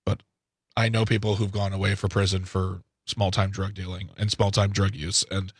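A man's voice: low voice, little pitch movement, normal speed, husky, no room sound, studio quality. A man co-hosting a radio talk show, giving strong opinions in a rambling, emphatic way.

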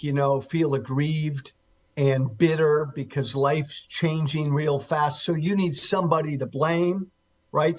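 This fairly high-voiced man is a guest on a political talk radio show, speaking with forceful insistence. To stress key points, he leans on emphasis and says the same word over and over.

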